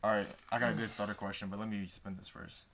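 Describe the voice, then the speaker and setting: A man's voice: fairly low pitch, little pitch movement, gravelly, a bit bright, a little hiss or hum. A man co-hosting a podcast, asking the questions in a playful, joking way. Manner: playful, joking, quick to laugh. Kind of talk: casual chat.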